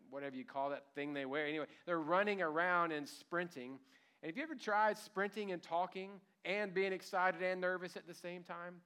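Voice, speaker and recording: A man preaching a sermon, telling the story in an animated way with a light chuckle now and then. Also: a little high, clear, resonant tone. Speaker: pastor.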